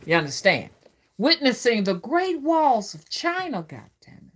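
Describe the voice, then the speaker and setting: A woman's voice: medium pitch, very animated, a little slow, a bit bright. A woman, a spiritual reader giving a profane, emphatic ranting monologue and often asking the listener whether they follow. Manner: profane, preachy, emphatic, asks the listener to agree.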